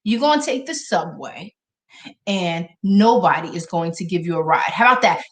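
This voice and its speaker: A woman's voice: on the low side, lively intonation, moderate pace. A woman hosting a casual live chat show, outspoken and exclaiming, laughing often. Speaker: show host. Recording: echoey room.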